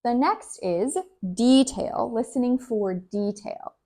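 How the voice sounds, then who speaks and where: A woman English teacher who explains slowly and clearly and repeats example phrases for learners. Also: on the high side, mellow.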